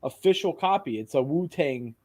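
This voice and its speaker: A man hosting a laid-back chat, rambling along with casual swearing and plenty of enthusiasm. His voice sits a little on the high side for a man. He talks loosely and eagerly, piling one thought on the next. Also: lively intonation, moderate pace, darkish tone.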